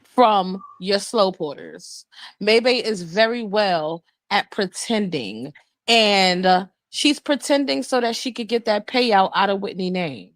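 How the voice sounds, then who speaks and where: A woman's voice: medium pitch, animated, slow pace, no room sound. A woman co-hosting a livestream, giving blunt, profane gossip commentary in a casual chat. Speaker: livestream co-host.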